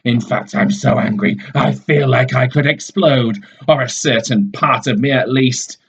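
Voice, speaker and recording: A man's voice: mid-range voice, unhurried, vocal fry, breathy edge. A man voicing a bossy, impatient storybook man who blusters and grows angry. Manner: blustering, growing louder. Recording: dull lo-fi recording.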